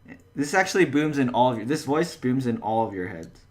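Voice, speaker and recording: A man narrating as game master, in a halting way with frequent restarts. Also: mid-range voice, lively intonation, darkish tone.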